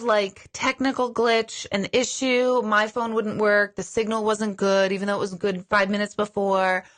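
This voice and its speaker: A middle-aged woman, a psychic medium, chatting casually in a live Q&A and telling stories with lively quoted asides. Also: mid-range voice.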